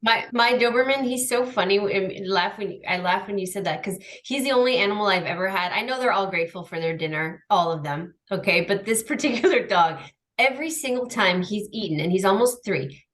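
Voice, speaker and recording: A woman in casual podcast chat who acts out lively little scenes with her pets, talking over a video call. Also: medium pitch, brisk. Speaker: podcast guest.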